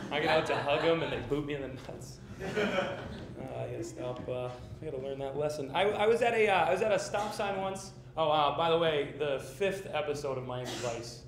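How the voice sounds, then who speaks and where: A man doing stand-up in a small theater, telling absurd stories in a rambling, halting, deadpan way. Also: on the high side, crowd noise. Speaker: stand-up comedian. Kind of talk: live stand-up set. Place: small theater stage before a live audience. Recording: echoey theater with audience laughter.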